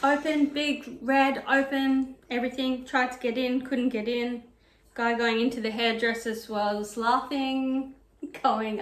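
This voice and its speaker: A woman's voice: on the high side, little pitch movement, unhurried. A woman vlogging about knitting and sewing, telling a story in a chatty, digressive way while ironing at home. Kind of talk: casual chat. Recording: echoey room.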